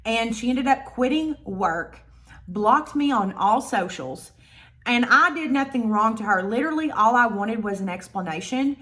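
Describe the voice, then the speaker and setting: A woman's voice: fairly high pitch, lively intonation, moderate pace, fairly bright tone. Blunt, profane woman storyteller. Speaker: vlogger. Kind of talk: storytime vlog.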